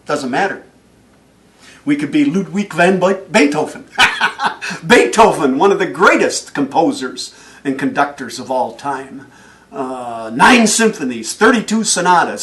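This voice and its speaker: A man giving a motivational speech, telling stories in an animated way and chuckling often. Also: a little high, normal speed, recorded from a distance. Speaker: motivational speaker.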